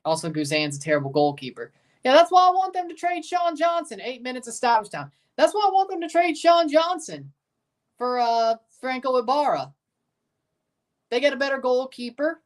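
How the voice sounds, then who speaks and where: A woman hosting a live football watchalong, chatting casually and giving strong opinions, breaking into excited shouts at big moments. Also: mid-range voice. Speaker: watchalong host. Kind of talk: live match reaction commentary.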